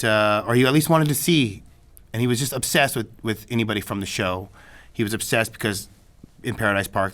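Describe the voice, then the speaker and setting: Rambling man, low voice. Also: a bit bright. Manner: rambling, many restarts and "you know what I mean". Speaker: filmmaker guest. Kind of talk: casual storytelling in an interview.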